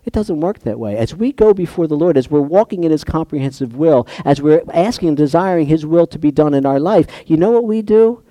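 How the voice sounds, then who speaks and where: A man's voice: fairly high pitch, animated, brisk, hardly any pauses, warm tone, dry recording, lo-fi sound. A man preaching a conversational sermon, acting out prayers and little dialogues as he goes.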